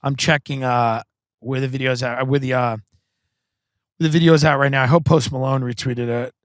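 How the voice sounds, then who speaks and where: A man's voice: medium pitch, fairly even intonation, normal speed, no room sound. A man from Long Island hosting a podcast, telling comedic stories in a rambling, profane way full of filler words. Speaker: podcast host. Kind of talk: comedic storytelling.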